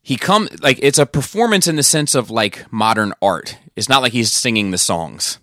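A man co-hosting a casual chat, telling an animated story and swearing casually. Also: medium pitch, moderate pace, no room sound, clean studio sound. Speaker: podcast co-host.

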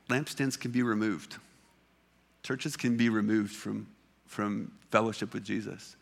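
A man's voice: lowish voice, a bit bright. A man preaching a sermon, reading scripture aloud and explaining it in plain, conversational words, often restarting his sentences.

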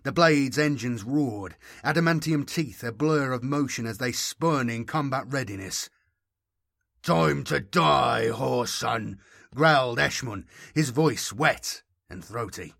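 Man, mid-pitched, narrating a dark story with grave, steady gravity; dry close-mic read. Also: measured pace, hardly any pauses, no room sound. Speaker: audiobook narrator. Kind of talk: scripted dramatic narration.

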